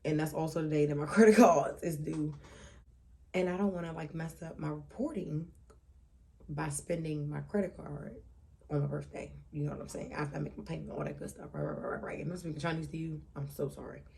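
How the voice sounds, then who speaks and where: A woman in her twenties hosting her own casual solo talk show, loose, profane and animated, with frequent asides. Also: low voice, brisk, vocal fry. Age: 20s.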